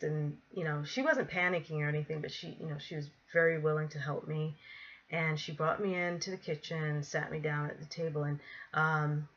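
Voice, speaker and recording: A woman with a low voice tells a personal story straight to camera. She rambles, circles back with ums and asides, and laughs easily along the way. The recording sounds a little dull and lo-fi. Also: a bit bright.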